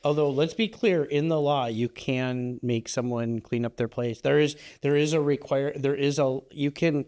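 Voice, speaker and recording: A man co-hosting a podcast, chiming in with hedging, halting remarks in casual chat. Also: medium pitch, fairly even intonation, a little mellow, clean tone. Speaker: podcast co-host.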